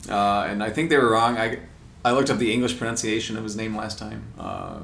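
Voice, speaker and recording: A man's voice: on the low side, sing-song, brisk, vocal fry, fairly bright tone. A man co-hosting a podcast, casually and enthusiastically running through a list of soccer transfers and laughing often. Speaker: podcast co-host. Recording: echoey room with faint noise.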